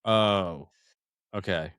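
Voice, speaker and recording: A man in his thirties on a casual podcast, spinning profane, rambling stories in a lowish voice. The sound is close and dry, with no room around it. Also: drawn-out words, fairly bright tone, no echo. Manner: profane, rambling storyteller, calls listeners "dude". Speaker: podcast co-host.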